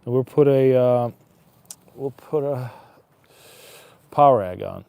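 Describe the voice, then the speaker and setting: A man with a soft, warm and mellow voice talks his way through a slow fishing day, rambling and wry. He chats to himself and to passersby outdoors by an icy river. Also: mid-range voice, vocal fry, clean tone, dry recording. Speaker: angler streaming live. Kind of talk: casual fishing vlog chatter.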